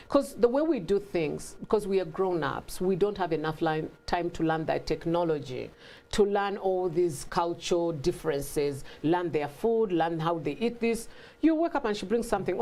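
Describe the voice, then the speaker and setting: A middle-aged Ugandan woman talks as an interview guest. She tells family stories in a lively way, with her pitch leaping when she mimics others and frequent laughter. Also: moderate pace. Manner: animated, acts out family dialogue with laughter. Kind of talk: casual interview talk.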